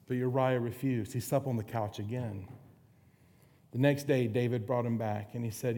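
A man's voice: medium pitch, steady tone, moderate pace, warm tone. A man preaching a sermon, retelling a story in a casual, conversational way. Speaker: pastor.

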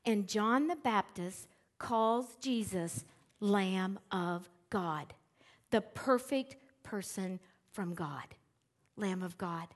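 A middle-aged woman preaching a sermon in a church. She talks in a relaxed, conversational way and acts out the lines she reads with shifting emphasis. Her voice sits at an ordinary pitch for a woman. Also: slow pace. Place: church sanctuary with screens.

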